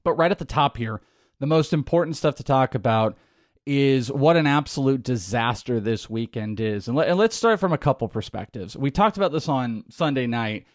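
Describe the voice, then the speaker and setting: A man's voice: medium pitch, animated, moderate pace, dry recording, clean studio sound. A man hosting a sports podcast, upbeat and joking in casual chat. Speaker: podcast host.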